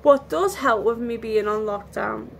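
A tired woman rambles through a casual lockdown vlog at home, restarting sentences and yawning now and then as she chats candidly. Her voice sits fairly high, with vocal fry and a slightly slow delivery. There's a bit of background noise.

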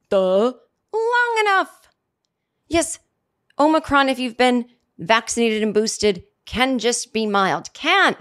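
Rambling, sarcastic woman podcast host. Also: medium pitch. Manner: rambling, sarcastic, self-interrupting, with many restarts; lively, jumping up for mock quotes. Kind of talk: casual comedic monologue.

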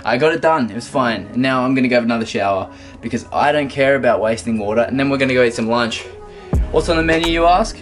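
A man's voice: medium pitch, fast talker, hardly any pauses, music in the background. A young man with an Australian accent, vlogging casually, joking, swearing and poking fun at himself. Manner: joking, swearing, self-deprecating. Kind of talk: casual vlog.

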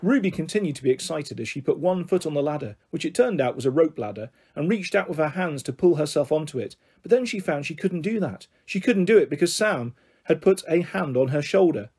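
Husky male storybook reader. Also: on the high side, animated, fairly quick, darkish tone. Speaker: narrator. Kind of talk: storybook reading aloud.

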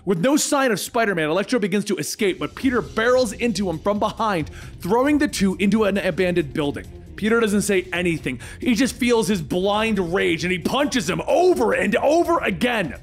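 A man narrating a comic book story in brisk recap style. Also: high voice, expressive, soft background music.

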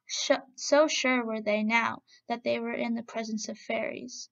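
A woman narrating a storybook tale as storyteller, reading with a steady, expressive manner. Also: a little high, unhurried, gravelly, hardly any pauses. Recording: dull lo-fi recording.

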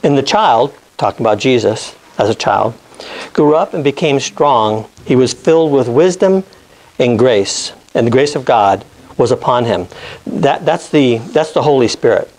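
A man's voice: mid-range voice, lively intonation, normal speed, a little mellow, poor audio. A man teaching an informal Bible lesson. He talks conversationally, often checks in with "okay?" and restarts or corrects himself mid-sentence.

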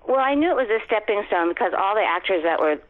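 A woman in her fifties, a guest actress, telling stories in a chatty, animated way and acting out quoted lines. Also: mid-range voice, quick pace, a little hiss or hum. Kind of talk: casual interview storytelling. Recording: tinny phone line.

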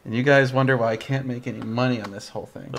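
A man's voice: mid-range voice, creaky, a bit bright, a little hiss or hum. A young man hosting a casual livestream chat, tired and yawning, rambling and laughing often. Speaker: livestream host.

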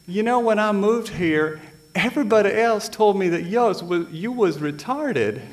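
A man doing a teenage Southern girl, her voice pitched up high and drawling slowly with sugary sweetness. She speaks bluntly and candidly. Her voice sits far above his usual tone, with a changed, lighter timbre. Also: animated, very noisy. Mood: sweet, candid. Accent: American Southern.

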